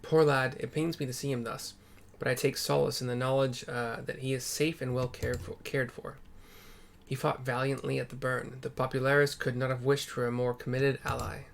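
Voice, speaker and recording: A man's voice: medium pitch, little pitch movement, moderate pace, creaky, slight background noise, natural voice. A man reading a solemn, formal nobleman. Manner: formal archaic speech, stumbles on hard words.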